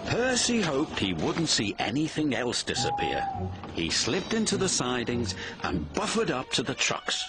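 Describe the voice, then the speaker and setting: A man narrating a children's storybook in an expressive read-aloud style. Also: a little high, a little slow, very noisy. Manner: expressive, animated.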